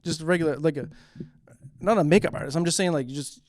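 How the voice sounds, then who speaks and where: A man's voice: a little high, brisk, dry recording, clean studio sound. Rambling man hosting a local comedy show. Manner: rambling, filler-heavy, chatty. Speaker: host. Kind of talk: comedy monologue. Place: local cable TV studio.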